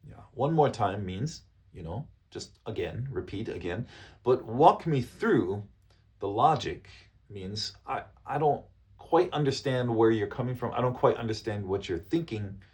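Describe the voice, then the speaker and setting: A man coaching business English, explaining phrases patiently and repeating each example slowly with frequent checks like "okay?". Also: mid-range voice, animated, darkish tone. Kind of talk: business English lesson to camera.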